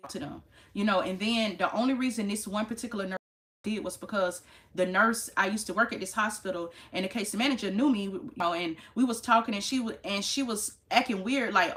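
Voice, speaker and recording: A woman nurse telling a story to her viewers in a casual rant, emphatic and exasperated, with sudden high exclamations. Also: fast, fairly bright tone. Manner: chatty, talks straight to viewers. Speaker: nurse vlogger.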